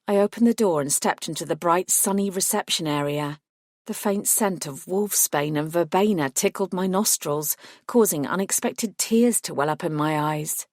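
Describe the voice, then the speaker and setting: A woman reading a first-person fantasy audiobook in a measured, even storytelling voice. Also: low voice, no echo, clean studio sound. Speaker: audiobook narrator.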